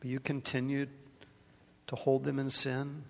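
A male pastor preaching a sermon, moving from loud, stressed phrases to quiet, hushed ones and doubling words when he gets stirred. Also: medium pitch, monotone, unhurried, gravelly. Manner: dramatic, swings from loud emphasis to hushed softness. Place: large worship hall. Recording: long hall reverb in a worship space.

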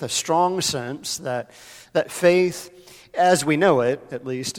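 A man preaching a sermon as pastor, talking casually and addressing members of the congregation by name. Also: a little high. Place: church sanctuary. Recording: long hall reverb.

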